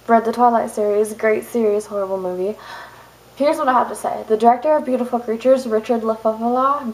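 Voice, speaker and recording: A young woman vlogger ranting angrily to her camera, fast and exasperated with sudden outbursts. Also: medium pitch, a little mellow, rough recording. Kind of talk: angry rant to camera.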